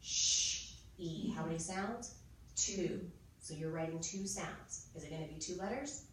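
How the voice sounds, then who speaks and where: Chatty woman teacher explaining spelling drills, low voice, roomy echo. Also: expressive, darkish tone. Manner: chatty, explains step by step, models drills slowly. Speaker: reading teacher and trainer. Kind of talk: teacher training workshop. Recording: echoey room, mic far off, noisy.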